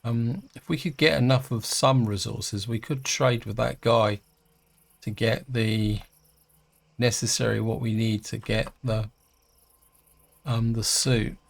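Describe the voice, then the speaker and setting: A middle-aged man giving casual let's-play commentary, chatty and hesitant, thinking aloud with many pauses. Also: medium pitch, fairly even intonation, creaky. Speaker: gaming channel host.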